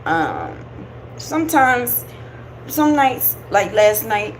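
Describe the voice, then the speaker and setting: Her voice leans high and expressive as this woman takes her time on a live stream, talking loosely about spirituality with rambling, laughing asides. The camera picks her up over music, and the recording quality is low.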